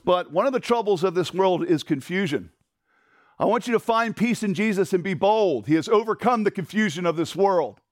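High, lively-voiced preaching pastor. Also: male voice, dry recording, clean studio sound. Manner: animated, emphatic preaching with sudden drops to quiet. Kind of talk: sermon. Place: church.

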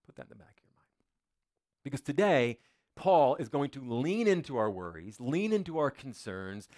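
A man's voice: mid-range voice, sing-song, normal speed, a little mellow. A male pastor preaching a sermon in a church, in a conversational, joking way full of rhetorical questions.

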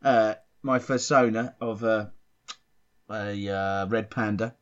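A man co-hosting a comedy podcast, talking in a rambling, hesitant, deadpan way. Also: fairly low pitch, takes it slowly. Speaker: podcast co-host. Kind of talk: casual comedy chat. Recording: dull lo-fi sound.

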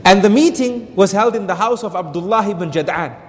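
Male Islamic lecturer, higher voice, storytelling lesson, repeats points for emphasis. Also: lively intonation, fairly quick, in a large hall. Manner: repeats phrases, asks rhetorical questions.

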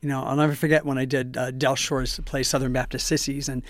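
A man's voice: mid-range voice, flat delivery, fast, dry recording, clean studio sound. A man co-hosting a talk show, chatting casually and often restarting his phrases. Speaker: co-host.

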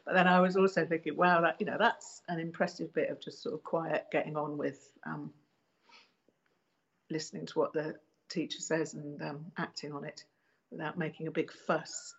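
A woman being interviewed, recalling past events in a hesitant, casual way with many pauses and restarts. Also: sits low, flat delivery, dull audio.

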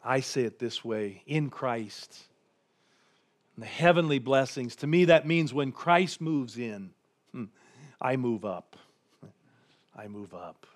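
A man preacher giving a reflective sermon, often dropping to a quiet hush and telling a joke story with building intensity. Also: mid-range voice, animated, slow, long pauses. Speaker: pastor.

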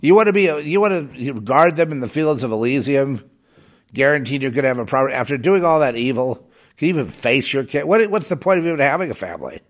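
A man delivering a heated, rambling monologue as a self-styled prophetic broadcaster, swinging between loud outbursts and muttered asides. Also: mid-range voice, lively intonation, fast. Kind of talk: agitated monologue.

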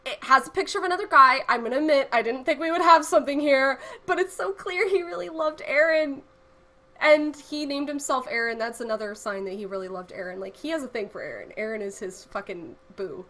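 A woman co-hosting a podcast in casual chat, animated and profane, often laughing. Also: high-pitched, a little fast. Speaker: podcast co-host.

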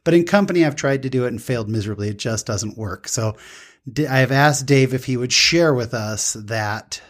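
A man's voice: medium pitch, normal speed. Man hosting a casual interview. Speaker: interviewer, host.

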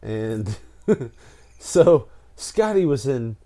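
A man tells a story in an easygoing chat, his voice mellow and warm-toned. His pitch leaps up and down as he acts out the moments. He keeps breaking into laughter mid-sentence. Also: very slow. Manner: animated, laughs through his own story.

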